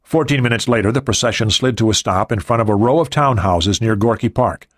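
Male narrator, low pitch, husky tone, dry close sound, steady audiobook reading. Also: brisk, no echo. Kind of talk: scripted narration.

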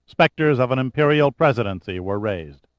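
A man giving an audiobook narration in a measured, steady reading style. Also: medium pitch, no echo, muffled recording.

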